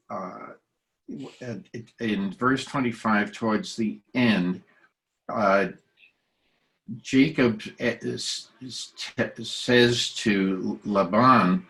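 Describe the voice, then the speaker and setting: Man leading text study, low-pitched, very slow, halting with many fillers. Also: a bit bright. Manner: hesitant, many fillers and restarts. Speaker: study group leader. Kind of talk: halting Torah study discussion.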